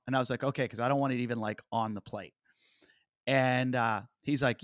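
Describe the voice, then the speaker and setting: A man's voice: mid-range voice, a little fast, no room sound, clean studio sound. A man hosting a podcast, telling a story in casual chat and acting out what each person said. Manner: animated storyteller, acting out quotes. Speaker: comedian and podcast host.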